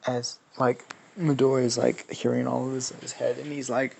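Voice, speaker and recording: A man's voice: medium pitch, little pitch movement, normal speed, gravelly, hardly any pauses, a little mellow, rough recording. A sleepless man improvising a fan story, rambling and swearing, full of fillers. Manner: rambling, filler-heavy and profane.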